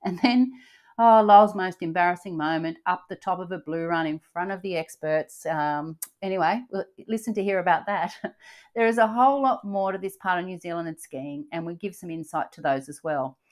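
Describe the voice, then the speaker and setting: A woman's voice: on the low side, normal speed, darkish tone. Chatty older woman podcast host. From Australia. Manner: chatty, upbeat, frequent fillers and restarts. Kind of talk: casual travel podcast chat.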